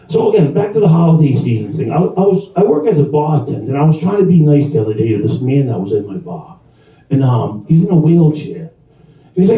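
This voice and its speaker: A man in his forties working through a raunchy stand-up set, drifting from story to story and jumping up loudly for the punchlines. His voice is dark and mellow, with a lively, swinging pitch. It sounds dull and very roomy, picked up from a distance in a small club. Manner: crude, rambling storytelling with shouted punchlines. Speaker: stand-up comedian. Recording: dull, roomy recording from far off.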